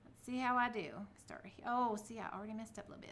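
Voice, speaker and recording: A middle-aged craft vlogger chats through a casual tutorial, talking to viewers and cheering herself on as she works. Her voice is on the high side, fairly even in intonation, fast, and a bit bright.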